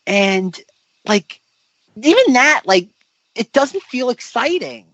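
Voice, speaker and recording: A man co-hosting a casual film podcast, talking in a rambling, animated way and acting out mock quotes. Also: very high voice, slow, no room sound. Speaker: podcast co-host. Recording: dull lo-fi dry podcast audio.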